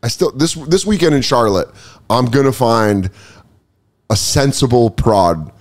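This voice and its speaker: Animated male podcast host riffing. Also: medium pitch. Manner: riffing, acts out quick voices and asides. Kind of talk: casual comedic podcast chat.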